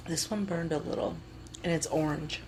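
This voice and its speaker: Blunt, lively woman podcaster. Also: low-pitched, noisy background. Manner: blunt, swears freely, laughs often. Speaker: podcast co-host. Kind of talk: casual chat among friends.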